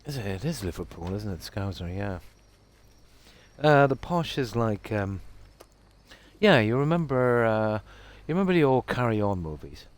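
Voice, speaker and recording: A middle-aged Irish man with a Midlands accent chats with his stream viewers in a somewhat low voice. He rambles along in a relaxed, easygoing way and pokes fun at himself. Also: normal speed. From Ireland. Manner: relaxed, rambling, self-deprecating. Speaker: game streamer. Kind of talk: casual chat with stream viewers.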